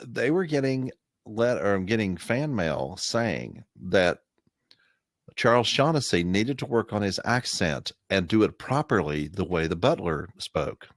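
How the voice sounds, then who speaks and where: American man, low voice, lively swooping intonation, storytelling with laughs, dry recording. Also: measured pace, no echo. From United States. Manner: animated storyteller who laughs between points. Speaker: podcast co-host. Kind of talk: casual chat.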